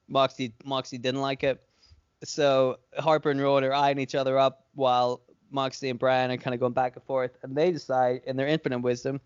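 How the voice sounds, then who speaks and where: A man's voice: mid-range voice, flat delivery, moderate pace, clear, resonant tone, no room sound. A man co-hosting a podcast, casually retelling an imagined storyline with lots of fillers and swearing. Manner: rambling, filler-heavy, profane retelling. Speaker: podcast co-host. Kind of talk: casual fantasy-booking storytelling. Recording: dry, slightly dull lo-fi sound.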